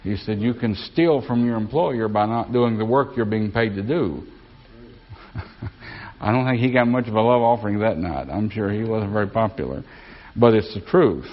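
A man's voice: on the low side, normal speed, dull audio. A man preaching a sermon as pastor, folksy, often asking the congregation for an amen. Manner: folksy, asks congregation for amens.

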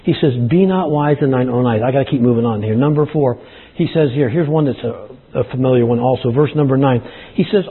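A man's voice: medium pitch, fairly quick, slightly rough. A man preaching a sermon to his congregation, folksy and plain-spoken, addressing them as y'all, with a dry throat. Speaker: pastor. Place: church service. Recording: tinny phone-like sound.

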